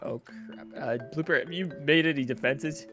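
A man's voice: fairly high pitch, normal speed, fairly bright tone, faint music behind. A man playing a multiplayer game with friends, chatting eagerly and casually. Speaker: gaming channel regular. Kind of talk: casual gameplay chat.

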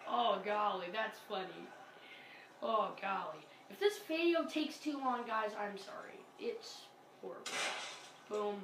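A woman giving casual commentary over a zombie video game. She talks excitably, often exclaiming and apologizing to her viewers. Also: medium pitch, measured pace. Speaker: gameplay commentator. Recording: roomy, distant mic, noisy game audio.

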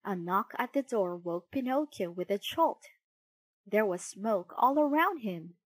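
Slow, expressive woman storyteller. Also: mid-range voice, no echo. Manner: expressive, unhurried. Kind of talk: children's storybook narration.

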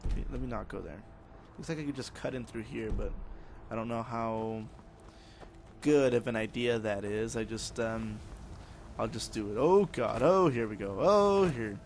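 A man's voice: fairly low pitch, fairly even intonation, moderate pace, a little mellow, slight background noise. A young man casually commenting on his own video game as he plays, rambling, joking and talking to himself. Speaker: let's play gamer.

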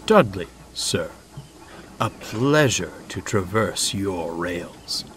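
A man voicing a deep, hoarse male engine who is formal, courteous and aloof, speaking slowly. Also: lively intonation, a bit bright, slight background noise, heavily acted, rough recording. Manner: courtly, polite, slow formal speech.

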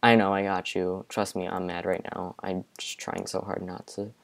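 Excitable young man gaming at home. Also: low-pitched, normal speed, gravelly. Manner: excitable, panicky outbursts, many repeated exclamations. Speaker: gaming video creator. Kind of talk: casual let's-play commentary with a friend. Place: home bedroom.

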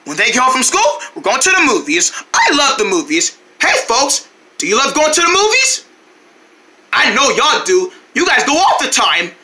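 A woman voicing a cheerful, excitable male buddy character who gushes and repeats himself in a hobby character video. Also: sits high, moderate pace, full character voice. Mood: chatty. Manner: bubbly, gushing, repetitive.

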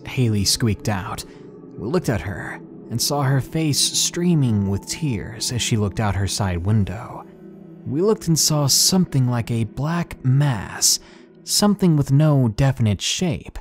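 A man's voice: medium pitch, very animated. Man narrating a horror story. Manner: slow, hushed, dramatic storytelling. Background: faint background music.

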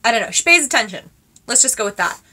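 A woman in her twenties chatting casually to her viewers as she unboxes gifts, gushing and excitable with lots of fillers. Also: on the high side, fast talker. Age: 20s. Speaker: vlogger.

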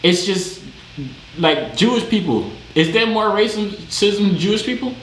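A man chatting with strangers on a video chat, loud, joking and slangy, in a gaming room. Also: high voice, unhurried. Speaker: vlogger chatting with strangers online. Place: gaming room with sound panels. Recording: echoey room, faint background noise.

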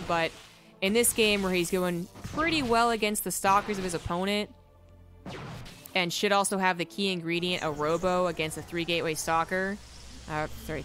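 With a high, pushed and bright voice, a young Canadian man with a General American accent casts a strategy game live. As an esports caster, he chats with viewers and trades sarcastic jokes with them.

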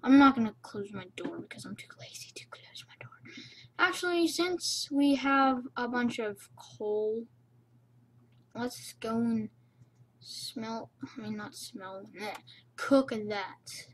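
A young woman casually commenting on her own gameplay, rambling and playful, recorded on a cheap low-quality mic. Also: takes it slowly, slight background noise. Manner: rambling, playful, self-chatting. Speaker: gamer.

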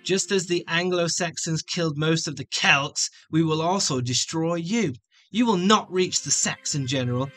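A man's voice: sits high, bright, forceful tone, full character voice. A man putting on a stiff, menacing British soldier. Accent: attempted British. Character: menacing adult male British enemy soldier.

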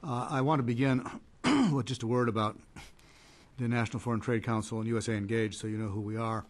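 A trade policy advocate gives remarks on a conference panel in a measured but hesitant way, with many fillers and restarts. His voice is medium in pitch.

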